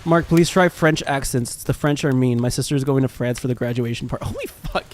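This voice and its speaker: A man's voice: medium pitch, quick pace, a little mellow, a little hiss or hum. A man streaming a game, chatting casually in a rambling, self-mocking way and swearing freely. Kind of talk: casual gaming stream chat.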